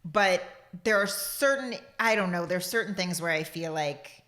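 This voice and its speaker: A man's voice: high voice, moderate pace, pushed and bright. A man co-hosting a podcast, chatting casually and mostly answering with short agreeing remarks. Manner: brief agreeing interjections, easy laughs. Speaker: podcast co-host. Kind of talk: casual chat.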